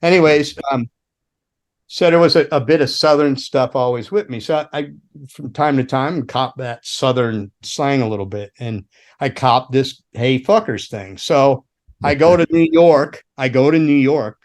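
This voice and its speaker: A man's voice: medium pitch, measured pace. A middle-aged man from the United States, a former roadie on a podcast, telling rambling, profane road stories and acting out the people he quotes. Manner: rambling, profane, animated storyteller who acts out quotes. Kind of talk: casual storytelling chat.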